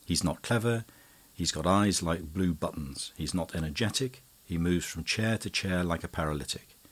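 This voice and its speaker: A man's voice: low-pitched, normal speed, breathy edge. A man reading as Ezza, a grave, grandiose young schemer. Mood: sly. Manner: grave, declaiming.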